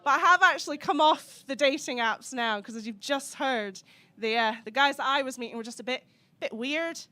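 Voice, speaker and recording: Sardonic Scottish Highland woman doing stand-up. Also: normal speed, bright, forceful tone. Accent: soft Scottish Highlands. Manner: dry, sweary, sardonic delivery. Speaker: stand-up comedian. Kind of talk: stand-up comedy set. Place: comedy club stage.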